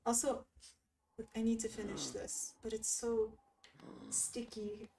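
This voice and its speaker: Speaking slowly in a slightly high, level voice, a woman streams a video game and chats casually with viewers, giggling and reacting to chat. She's recorded from a distance over game music, with a noisy background.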